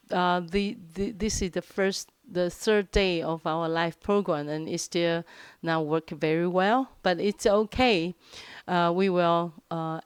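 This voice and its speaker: Lady teacher, lowish smooth voice, lots of uh and restarts, dry close sound. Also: dry recording. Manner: halting, many fillers and restarts. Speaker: Mandarin teacher hosting a live class. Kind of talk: casual live-stream teaching.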